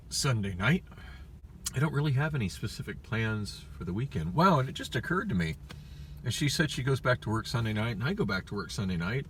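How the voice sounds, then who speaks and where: A man's voice: deep voice, recorded from a distance, slight background noise. A man vlogging casually from a parked car, rambling with many fillers and restarts. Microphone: phone.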